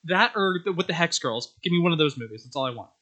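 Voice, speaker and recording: A young man chatting as a podcast guest, telling stories in an animated way and acting out characters' lines. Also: a little high, fast. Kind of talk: casual podcast chat.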